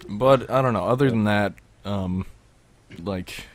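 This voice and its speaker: Male podcast co-host, lowish voice, meandering explainer. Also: measured pace, no echo. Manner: rambling, lots of fillers, explains things. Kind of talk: casual gaming chat.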